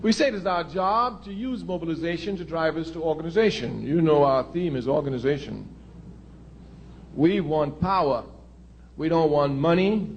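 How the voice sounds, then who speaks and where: A man giving a political speech in a measured way, drawing out key words for emphasis. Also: a little high, highs cut off, a little hiss or hum.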